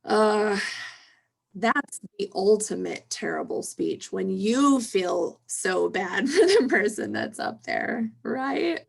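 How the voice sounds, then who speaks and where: Woman, instructor, gravelly voice, chatty, video call. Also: medium pitch, animated, slow pace. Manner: chatty, laughs easily. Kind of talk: leading a class discussion.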